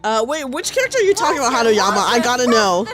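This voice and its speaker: A woman streamer chatting casually with her viewers during a game, animated and chatty. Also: on the high side, fast talker, over loud music. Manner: animated, chatty, reads chat aloud.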